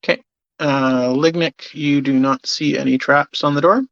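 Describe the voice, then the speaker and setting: A game master narrating a tabletop game, hesitant with many pauses and fillers. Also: mid-range voice, steady tone, creaky, dry recording, lo-fi sound.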